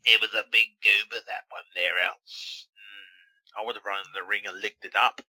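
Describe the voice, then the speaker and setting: A man's voice: fairly low pitch, fairly even intonation, moderate pace, sharp tone, slightly rough, no room sound, rough recording. A man co-hosting a wrestling watch-along, teasing his friend with crude, mocking, profane banter.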